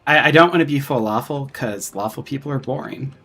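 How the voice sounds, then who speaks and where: A man chats casually while streaming a game, goofy and quick to mock himself. His voice is bright and forward with a husky rasp. Soft music plays faintly in the background. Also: medium pitch. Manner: goofy and self-mocking, bursts into shouted rap bits.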